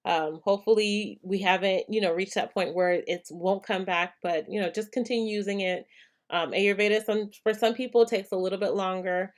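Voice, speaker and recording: A woman's voice: mid-range voice, fairly even intonation, brisk. A young adult woman from El Paso, Texas, hosting a hair care live stream, reading viewer comments and answering in a chatty way, with many ums. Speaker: hair care channel host.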